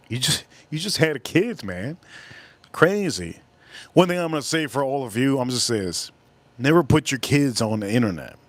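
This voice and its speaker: A man's voice: medium pitch, no echo. A man hosting a livestream, ranting bluntly in casual chat, swearing freely and rambling between thoughts. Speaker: livestream host.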